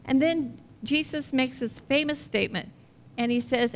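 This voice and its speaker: A woman's voice: high-pitched, normal speed, a bit bright. A woman pastor preaching a conversational sermon to her congregation in a church, asking them questions along the way. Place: church sanctuary. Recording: reverberant hall, faint noise, level drops midway.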